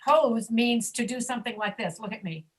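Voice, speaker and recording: A woman teaching an online pronunciation class, patiently correcting students and modeling sounds slowly over a video call. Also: fairly high pitch, slightly rough.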